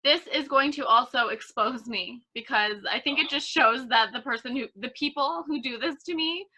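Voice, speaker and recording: A woman's voice: high-pitched, normal speed. A woman in her twenties co-hosting a podcast, chatting and telling stories with lots of "like". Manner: chatty, animated storyteller, heavy use of "like". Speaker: podcast co-host. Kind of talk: casual chat.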